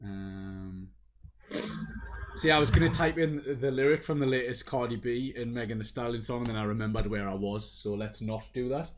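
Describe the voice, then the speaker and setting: Brief: male streamer, mid-pitch, chatty, excitable, wanders off topic, self-mocking. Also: moderate pace. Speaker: livestream host. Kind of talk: casual livestream chat.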